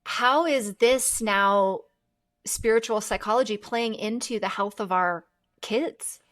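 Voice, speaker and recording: A woman hosting a podcast interview, asking long questions and thinking aloud in an animated way. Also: mid-range voice, slow. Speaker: podcast host. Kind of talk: conversational interview.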